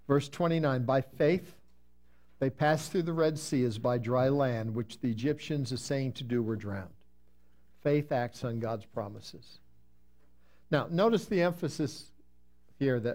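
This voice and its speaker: A man's voice: mid-range voice, darkish tone. Man preaching, emphatic Bible teaching. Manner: reads scripture slowly with emphasis, then explains conversationally. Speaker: pastor.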